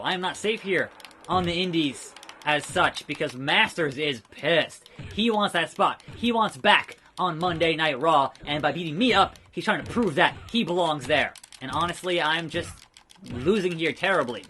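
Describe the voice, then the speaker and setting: A young man commentating his own wrestling game playthrough, swinging between excitable dramatic outbursts and casual rants. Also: fairly high pitch. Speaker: gaming channel host. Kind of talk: let's play commentary.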